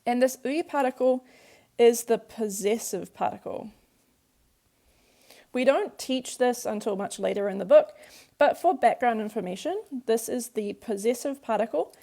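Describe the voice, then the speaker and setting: A woman gives a grammar lesson at a calm, patient pace, building each point through small examples. Her voice sits a little high and carries a gravelly fry. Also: moderate pace. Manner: patient, explains step by step with examples. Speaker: Korean language teacher.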